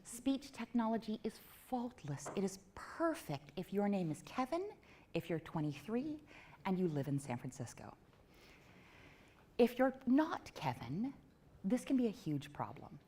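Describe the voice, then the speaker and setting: A woman's voice: mid-range voice, very animated, warm tone, husky. Playful woman giving a tech talk. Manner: playful, self-mocking, quick asides. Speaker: conference speaker. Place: event venue before a live audience.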